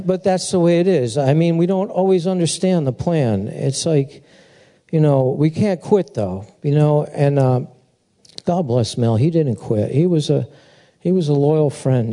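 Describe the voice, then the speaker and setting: Middle-aged guy preaching at a memorial, real dark mellow voice, rambly and loose, full of "you know". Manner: rambling storyteller, animated, mimics a chirping bird in a high voice. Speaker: pastor speaking at a memorial. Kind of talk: informal eulogy sermon.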